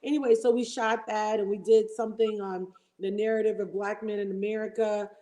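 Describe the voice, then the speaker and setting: Mellow-voiced woman guest on a livestream. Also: mid-range voice, level tone, brisk, poor audio. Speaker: guest co-host. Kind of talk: casual livestream chat.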